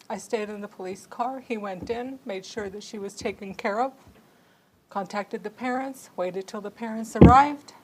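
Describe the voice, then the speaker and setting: A woman's voice: on the high side, slight background noise. Woman, council member, tribute speech, emotional, storytelling, earnest.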